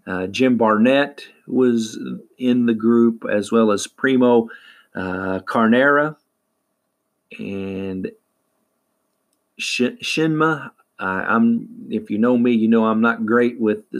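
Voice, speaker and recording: A man hosting a wrestling recap, talking casually and haltingly with lots of fillers. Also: mid-range voice. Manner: halting, many fillers and restarts. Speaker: wrestling podcast host.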